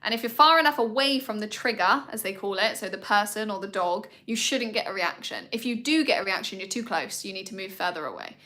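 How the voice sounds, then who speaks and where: Woman, live-stream host, bright and chatty, rambles with ums. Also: lively intonation, a little fast, hardly any pauses. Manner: coos at her dogs in a high voice. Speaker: dog owner hosting a live Q&A. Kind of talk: casual live-stream chat.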